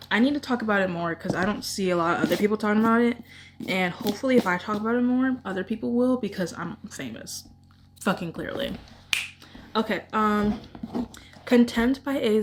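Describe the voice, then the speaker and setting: A woman's voice: medium pitch, slight background noise. A woman vlogger chatting casually about her favorite books, gushing and rambling with emotion. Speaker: book vlogger. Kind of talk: casual book chat.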